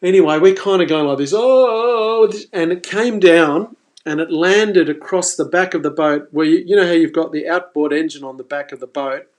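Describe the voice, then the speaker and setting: A man hosting a live fishing stream, telling a story in an animated, exclaiming way. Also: on the high side, a little fast, hardly any pauses. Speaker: fishing presenter.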